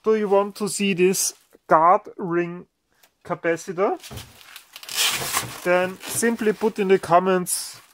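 A man unboxes gear in an easygoing way, often breaking into exclamations of surprise. His pace is slow and unhurried, with a faint hiss of noise under the voice. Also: sits high, fairly even intonation, a bit bright. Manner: exclamatory, marvels aloud at items. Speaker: electronics video host. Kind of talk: casual unboxing commentary.

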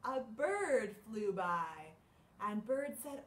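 A young woman librarian reading a picture book aloud at a livestreamed storytime, slow and sing-song with gasps of surprise. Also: medium pitch, very animated, fairly bright tone. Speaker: children's librarian. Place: library room. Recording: echoey room, mic far off.

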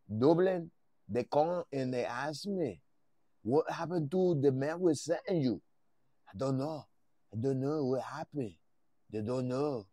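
A man puts on a ruthless crime boss who talks in slow, boastful threats. The delivery is unhurried and the sound is dry and close, with little room around it. It comes across as a playful live-stream impression. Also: medium pitch, dark tone, no echo, close to an everyday voice.

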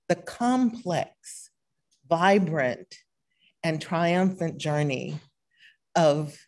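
A woman from East Texas addresses a conference audience. Her voice sits a little low, and she speaks slowly and deliberately, in a measured storytelling manner with touches of humor. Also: darkish tone. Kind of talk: formal presentation talk.

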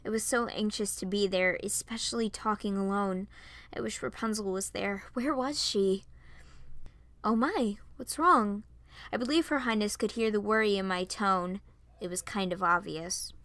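A woman's voice: mid-range voice, steady tone, normal speed, a bit bright, no room sound. A young woman reads her fan story aloud in first person, often stammering and sounding nervous. Her voice sits mid-range for a woman. The recording is dry and close, with no room sound. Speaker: fan fiction narrator. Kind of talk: first-person story reading with character lines.

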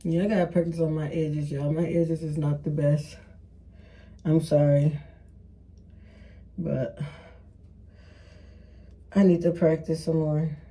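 A frustrated woman chats and grumbles to her viewers while fixing a wig. Her voice is mellow and dark, and she swears freely in an easy, casual way. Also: sits low, little pitch movement, slow pace, pauses often. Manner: frustrated, profane, talking to viewers. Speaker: beauty vlogger. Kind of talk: casual self-filmed hair vlog.

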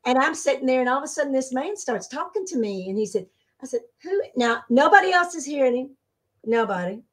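A woman being interviewed as a spiritual medium, telling stories in a casual, animated way and acting out the voices she quotes. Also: brisk. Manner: animated, acts out quoted voices with sudden pitch jumps. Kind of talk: casual storytelling.

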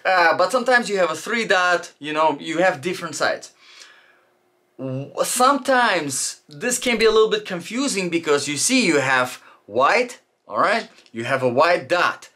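Chatty man with a bright, sharp voice. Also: high-pitched, lively intonation, normal speed. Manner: loose and chatty, with frequent fillers and restarts. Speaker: shooting instructor. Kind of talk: casual instructional talk.

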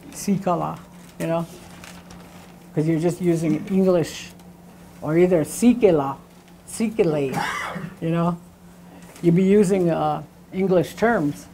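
A woman teaching a language class, explaining slowly and repeating words and phrases for emphasis. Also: low-pitched, warm tone, slight background noise, rough recording. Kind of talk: classroom lecture.

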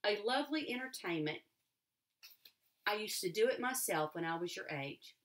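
A woman voicing a tall, smooth-talking male stranger with a light, ingratiating manner. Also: medium pitch, animated, moderate pace, close to an everyday voice.

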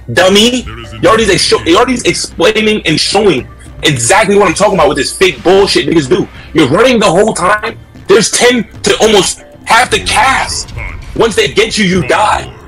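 A man on a headset mic giving loud, heated live commentary on fighting-game matches, shouting often, repeating himself and trash-talking with profanity. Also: high voice. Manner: loud, excitable trash-talk with frequent shouting.

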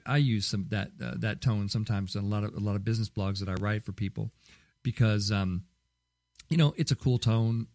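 A Southern California man hosts a podcast solo, talking casually and rambling with lots of fillers and restarts. His voice is on the low side and a little mellow, recorded in studio quality with no echo.

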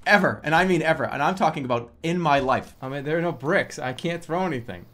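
A man streaming a game, excitable and profane, often laughing and yelping into a desk microphone. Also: a little high, fast talker. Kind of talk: gaming livestream commentary.

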